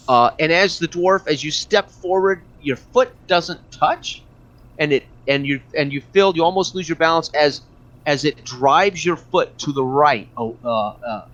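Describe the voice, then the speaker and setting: A man narrating as game master in a tabletop game, describing scenes with frequent pauses and fillers. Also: on the high side, a bit bright. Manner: hesitant, many fillers and restarts. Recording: dull lo-fi recording.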